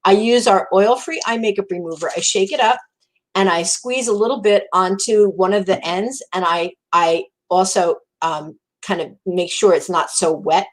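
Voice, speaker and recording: A woman's voice: medium pitch, moderate pace, poor audio. A woman with a New Jersey accent giving a live makeup tutorial in a chatty, encouraging way, repeating words for emphasis. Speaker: makeup demonstrator.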